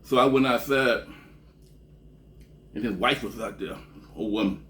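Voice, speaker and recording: A man from Texas telling a long, rambling story in a casual, profane way, often trailing off with a low "man" at the end of a phrase. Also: unhurried, bright, forceful tone. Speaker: vlogger.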